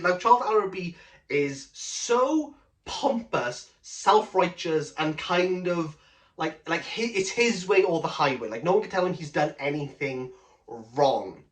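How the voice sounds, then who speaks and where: A woman giving a book review in a casual vlog, gushing and animated with lots of "like" fillers. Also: fairly low pitch, normal speed. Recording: roomy, from a distance from the mic.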